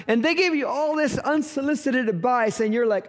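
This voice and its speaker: A middle-aged man preaches in a strikingly high voice, telling a story with humorous asides. He slips into quick voices for the people in his story. His words ring out with a long reverb, as in a church sanctuary. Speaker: pastor. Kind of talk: sermon.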